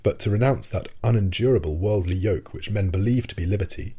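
A man reading the part of a stern, aloof male submarine captain in a measured, formal way. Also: fairly low pitch, mellow, husky. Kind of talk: audiobook reading.

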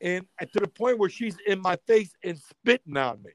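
A man, a comedian guest, telling a story in casual chat, acting out the quotes and building loudly to punchlines. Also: high-pitched, lively intonation, normal speed, dry recording.

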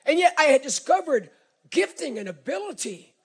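Preaching at normal speed in a very high-pitched voice, this middle-aged Southern pastor tells his sermon with animated energy. He repeats words and works his way up to shouts.

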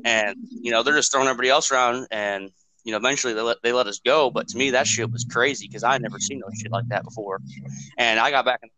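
A man's voice: medium pitch, fast, bright, forceful tone, low-quality recording. A man co-hosting a podcast, telling a story in casual, profane, rambling talk and acting out what people said. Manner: profane, rambling, acts out quotes. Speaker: podcast co-host.

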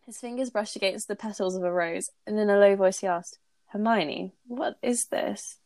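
A woman's voice: medium pitch, fast, darkish tone, no echo. A woman co-host reading romantic fan fiction aloud, with giggly, embarrassed asides.

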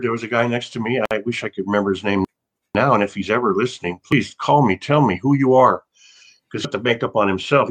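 A man's voice: lowish voice, a bit bright. An older man, an actor guest, telling anecdotes in a casual interview, rambling with frequent restarts. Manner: rambling, restarts often, laughs.

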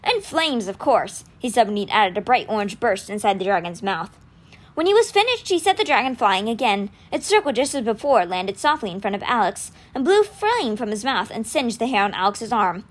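A woman reading a novel aloud with expressive storytelling. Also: mid-range voice, brisk. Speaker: audiobook reader.

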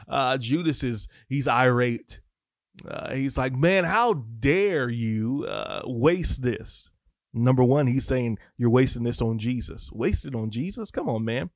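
A man's voice: mid-range voice, a little mellow, no echo. Guy preaching, reads verses then riffs casual and slangy, dry close sound. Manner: conversational, slangy asides, frequent restarts. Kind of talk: casual teaching sermon with scripture reading.

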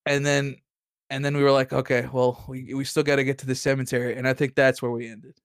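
A man's voice: mid-range voice, level tone, fast, clear, resonant tone, no room sound. A man casually recapping a tabletop game session, rambling and profane, full of restarts and laughter. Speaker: player recapping last session.

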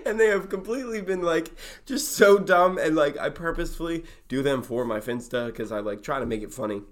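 A young man in relaxed podcast chat, rambling through anecdotes with many "like"s. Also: fairly high pitch, a little fast. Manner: rambling, full of fillers and restarts. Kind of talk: casual chat.

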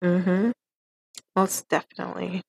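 A woman's voice: fairly low pitch, monotone, a little slow, vocal fry, a little mellow, slightly rough. A woman co-hosting a podcast, chatting casually about pop culture in a laid-back, teasing way. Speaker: podcast co-host.

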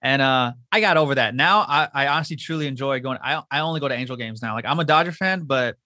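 Man from southern california, fast talker, bright voice, slangy and profane, dry close sound. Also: mid-range voice, no echo. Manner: swears a lot, slangy and loose. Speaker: podcast host. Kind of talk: casual chat. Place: home.

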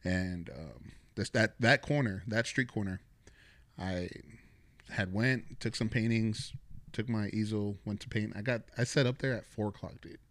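A man from San Antonio, a guest artist, telling a personal story in a relaxed, rambling way on a podcast, full of "dude" and "like". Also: lowish voice, unhurried, dry recording. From San Antonio, Texas. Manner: laid-back, rambling, peppered with "dude" and "like". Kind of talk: casual storytelling in a podcast chat.

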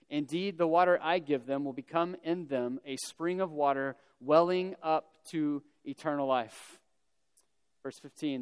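A man's voice: fairly high pitch, clear, resonant tone. A man preaching a sermon, telling the story conversationally with casual humorous asides. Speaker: pastor. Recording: long reverb of a large hall.

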